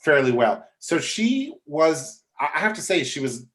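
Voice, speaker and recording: A man, a guest on a podcast, telling casual, animated anecdotes and quoting other people. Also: fairly high pitch, unhurried. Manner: chatty, animated anecdotes with quoted voices.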